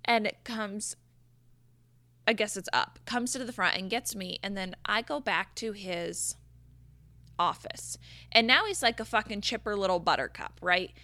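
A young woman rattles through an exasperated storytime rant, animated and full of casual swearing. Her voice is bright and forward, recorded close and dry with no room sound. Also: medium pitch, unhurried, dry recording. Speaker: vlogger telling a story.

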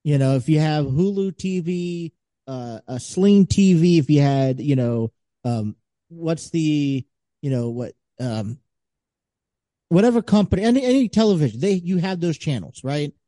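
Mellow, hesitant male guest co-host. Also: on the high side, lively intonation, unhurried, no echo, clean studio sound. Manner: hesitant, searching for words. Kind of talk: casual chat.

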